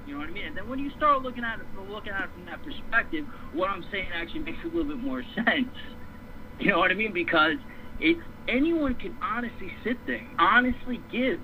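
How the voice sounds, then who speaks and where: A fired-up man on a talk show, cursing freely and circling back over the same points. His voice sits high for a man and comes through a dull, lo-fi stream with a faint hiss behind it. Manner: fired up, profane, repeats himself. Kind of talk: heated boxing rant.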